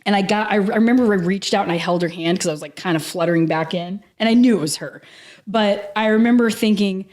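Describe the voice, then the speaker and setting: Woman guest on a podcast, heartfelt and rambly, says like a lot, normal pitch. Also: quick pace, a little mellow. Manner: earnest and emotional, heavy use of "like". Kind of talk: casual interview storytelling.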